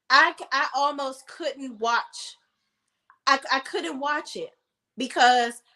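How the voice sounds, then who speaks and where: A woman's voice: sits high, fairly bright tone. A woman giving heated, profane commentary on a reality TV show, blunt and emotional. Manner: emotional while telling a personal story. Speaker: reality TV recap vlogger.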